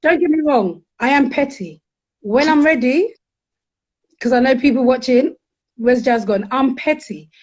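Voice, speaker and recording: A woman's voice: high-pitched, lo-fi sound. A middle-aged woman, speaking candidly as a guest counsellor and acting out quotes in her stories. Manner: animated, frank, quick to act out quotes. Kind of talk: candid conversational storytelling.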